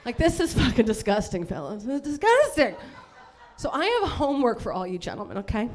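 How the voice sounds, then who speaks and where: High-voiced brash woman doing stand-up. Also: big pitch swings, brisk. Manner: bawdy, brash, laughs at her own jokes. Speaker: stand-up comedian. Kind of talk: live stand-up set. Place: comedy club stage.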